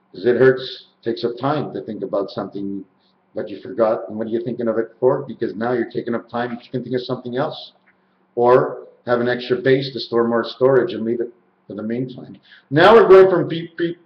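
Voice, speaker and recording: Slow rambling man, sing-song chanting. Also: mid-range voice. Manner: sing-song, repeats words in chants, stretches syllables. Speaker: video maker explaining number and letter theories. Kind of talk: rambling solo monologue. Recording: roomy, dull lo-fi home recording.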